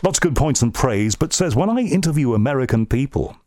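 A man's voice: medium pitch, animated, fairly quick, darkish tone, dry recording. English male radio host, dry studio sound. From Liverpool, England. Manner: conversational, thoughtful, with frequent ums and uhs. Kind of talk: reading listener emails on air, then interviewing a guest.

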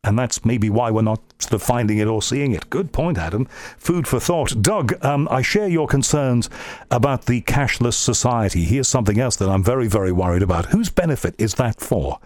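English man, radio host, conversational, frequent ums, mid-pitched voice, dry close studio mic. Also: a little mellow, dry recording. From Liverpool, England. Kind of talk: reading listener emails on air, then interviewing a guest.

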